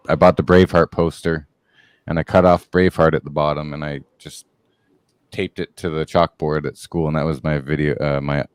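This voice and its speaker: Very deep-voiced joking man, dry sound. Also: no room sound. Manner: joking, teasing storyteller. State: sleep-deprived. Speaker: co-host. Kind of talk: casual podcast chat.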